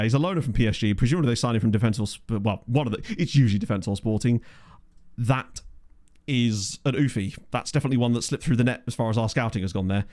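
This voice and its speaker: Into a USB condenser mic, a man with a medium-pitched, darkish voice gives casual gameplay commentary. He hosts the let's play, chatting, musing aloud, and reading the live chat as he goes.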